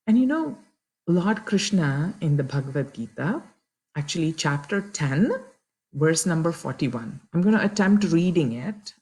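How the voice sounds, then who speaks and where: A woman's voice: low voice, darkish tone, slightly rough. A woman telling a children's story and its moral, chatty and addressing listeners directly.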